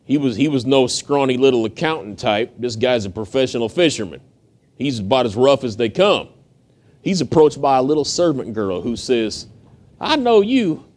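A man's voice: mid-range voice, moderate pace, darkish tone. A man from the United States preaching, retelling a story in a folksy, conversational way with acted-out quotes. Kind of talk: storytelling sermon.

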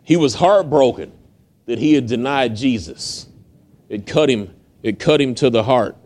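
A man's voice: mid-range voice, expressive, measured pace, a little mellow. A man from the United States preaching, retelling a story in a folksy, conversational way with acted-out quotes. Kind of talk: storytelling sermon.

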